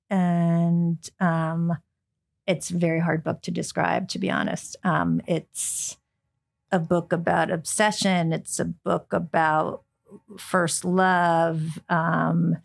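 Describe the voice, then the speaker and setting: A middle-aged American woman, a book editor, chatting in an interview, full of ums and quick restarts. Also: lowish voice, creaky. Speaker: book editor, podcast guest. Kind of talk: casual interview chat.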